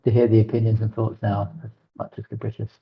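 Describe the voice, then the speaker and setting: A man's voice: on the low side, flat delivery, fast talker. A man on a community call, agreeable and careful not to put anyone on the spot. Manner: agreeable, hedging. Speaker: community member. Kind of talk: casual chat on a voice call. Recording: muffled lo-fi mic.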